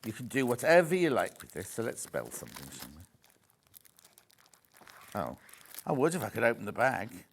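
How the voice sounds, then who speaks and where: A man's voice: on the low side, wildly swooping pitch, moderate pace, vocal fry, long pauses, a little hiss or hum. A man presenting a live shopping channel show from a studio, chatty and jokey, selling fabrics and reading out viewer messages. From United Kingdom.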